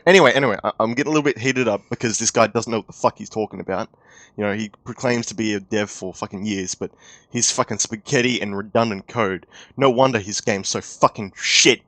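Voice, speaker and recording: Ranting man, dry low voice. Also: a bit bright, no room sound. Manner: profane, exasperated, ranting. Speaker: YouTube commentator. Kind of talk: heated commentary rant.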